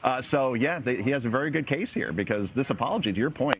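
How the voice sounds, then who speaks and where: Brief: male pundit, sarcastic and emphatic, animated pitch, faint hiss behind. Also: fast talker. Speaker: political commentator. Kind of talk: news panel commentary.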